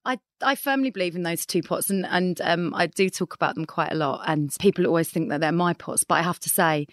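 A woman's voice: brisk, no echo, studio quality. A woman hosting a podcast, chatting with her guest in a playful, friendly way. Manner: warm, playful, swoops in pitch when amused. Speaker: podcast host. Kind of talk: casual interview chat.

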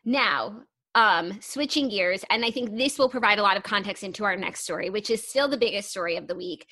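A woman's voice: mid-range voice, brisk, pushed and bright, no room sound. Young female podcast co-host, casual, talky and filler-heavy. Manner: chatty, heavy use of "like". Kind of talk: casual chat.

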